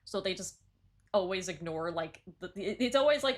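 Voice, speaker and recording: A woman streaming live, chatting casually and excitedly about lyrics she is reviewing, with lots of "like" and restarts. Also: fairly low pitch, normal speed. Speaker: streamer reviewing song submissions.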